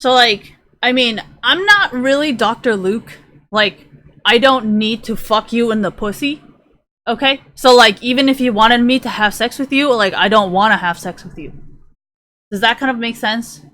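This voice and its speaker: A woman's voice: fairly high pitch, moderate pace, fairly bright tone. A woman streamer ranting to her live chat, profane and rambling, sometimes drifting away from the mic as she browses.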